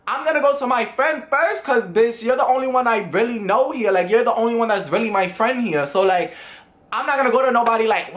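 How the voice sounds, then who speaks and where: A young man vlogging, telling a personal story in casual chat and acting out the quoted lines with loud swings. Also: high-pitched, expressive, a little fast.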